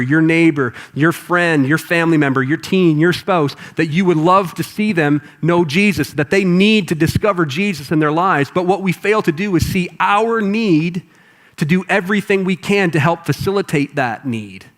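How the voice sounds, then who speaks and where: A man preaching a sermon to a congregation in a conversational, animated way. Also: on the high side, moderate pace. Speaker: pastor. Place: church auditorium with congregation.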